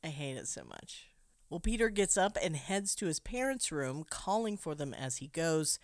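A woman's voice: sits low, sing-song, moderate pace, no room sound, clean studio sound. A woman co-hosting a podcast, retelling a film scene by scene in a casual, wry and dramatic way. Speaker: podcast co-host recapping a film. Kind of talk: casual recap narration.

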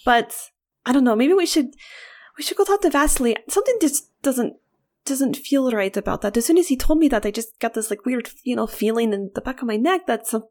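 A woman player speaking in character, worried and halting with many fillers. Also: high voice, darkish tone. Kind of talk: in-character role-play.

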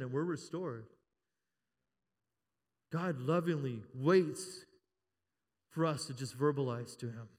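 A man in his fifties preaching a sermon in a church, joking with the congregation and rising to emphatic calls. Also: a little high. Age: 50s. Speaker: pastor. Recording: long hall reverb.

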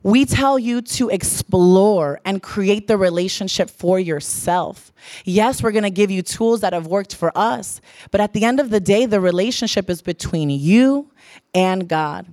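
A woman's voice: mid-range voice, unhurried, darkish tone, dry recording, clean studio sound. Earnest young woman preaching. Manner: earnest, repeats phrases for emphasis. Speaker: church speaker. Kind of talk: sermon.

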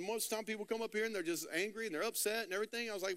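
A male pastor gives a sermon in a high, bright, forward voice. He tells casual stories and acts out the people in them, repeating words along the way. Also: racing, few pauses. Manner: storytelling with quoted dialogue, repeats words.

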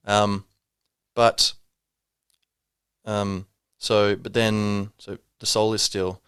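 A man's voice: fairly low pitch, little pitch movement, drawn-out words, a bit bright, clean tone, no room sound, clean studio sound. A man hosting a solo podcast, talking reflectively and rambling, with many fillers and restarts. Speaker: podcast host.

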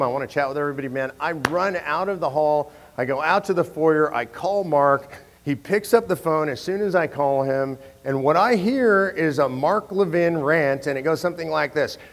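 A man telling a story to an audience in an animated, chatty way, often restarting his sentences. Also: a little high, big-room sound.

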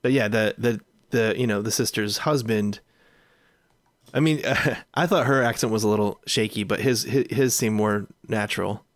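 A man with a somewhat low voice chats loosely about an old film. He thinks out loud, trails off and checks facts with his co-hosts. The sound is dry and close, with no room around it. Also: normal speed, no room sound. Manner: chatty, musing, trails off and asks questions. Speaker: podcast co-host. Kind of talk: casual film discussion.

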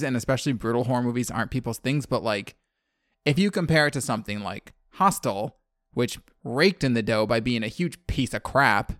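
A man's voice: medium pitch, a bit bright, no room sound, studio quality. A man co-hosting a casual horror podcast, talking in a rambling way and often correcting himself mid-sentence. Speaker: podcast co-host.

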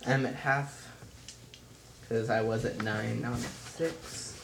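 A man's voice: medium pitch, fairly even intonation, takes it slowly, gravelly, echoey room, noisy background. A man playing a tabletop game, chatting casually and asking eager questions. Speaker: player.

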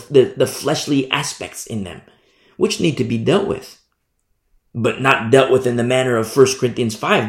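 A man delivers a sermon in a roomy, echoing space, his gravelly voice sitting at an average pitch. He repeats key phrases and cites scripture verse by verse, stumbling over words now and then. When he presses a point, his voice climbs high. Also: a little mellow. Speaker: preacher. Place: church.

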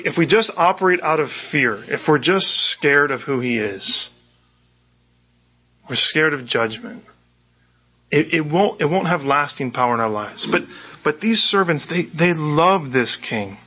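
Earnest husky male pastor preaching. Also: fairly high pitch. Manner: earnest, repeats words as he restarts. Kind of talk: sermon. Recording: dull lo-fi sermon recording.

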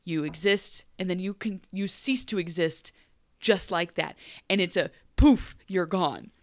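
A woman's voice: a little slow, dry recording. Woman podcast cohost, chatty recap, lots of laughs, dry close sound. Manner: animated, acts out characters in high voices, laughs often. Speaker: podcast co-host. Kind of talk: casual recap chat.

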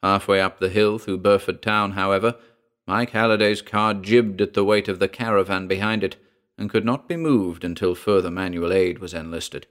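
Low-voiced male audiobook narrator. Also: fairly even intonation, normal speed, a bit bright.

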